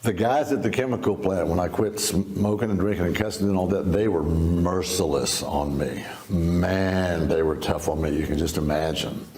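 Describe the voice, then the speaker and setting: A man's voice: low-pitched, normal speed, hardly any pauses, darkish tone, reverberant. A man in his seventies from Texas, giving a personal testimony in a folksy, storytelling way, with laughs and restarts. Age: 70s. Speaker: interview guest. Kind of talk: personal testimony in a sit-down interview.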